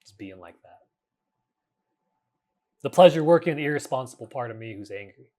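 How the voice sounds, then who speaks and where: Earnest, halting man hosting a podcast. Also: medium pitch, expressive, mellow. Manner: earnest, halting, many restarts, casual swearing. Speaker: podcast host. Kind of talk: reflective solo podcast monologue.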